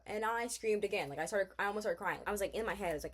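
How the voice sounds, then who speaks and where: A young woman vlogger recapping a book she read, talking excitedly and laughing as she rants. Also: medium pitch, rapid-fire, hardly any pauses. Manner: excitable, gushing, laughs often.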